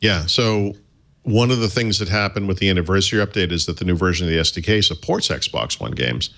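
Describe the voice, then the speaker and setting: A man co-hosting a tech podcast, explaining details in a measured, casual way. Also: low voice, gravelly, pushed and bright. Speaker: podcast co-host.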